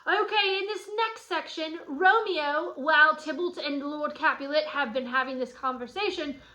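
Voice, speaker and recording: A woman with a high, bright voice gives a guided study lesson. She explains the scene in a chatty, playful way and keeps turning to her students with asides. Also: normal speed, poor audio. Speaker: teacher.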